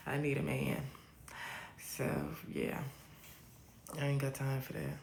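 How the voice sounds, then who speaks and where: A young adult woman hosting a casual live stream, answering viewer comments in a blunt, profane, sassy way with drawn-out repeats. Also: extremely low pitch, sing-song, gravelly, darkish tone, a little hiss or hum. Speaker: livestream host. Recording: roomy echo.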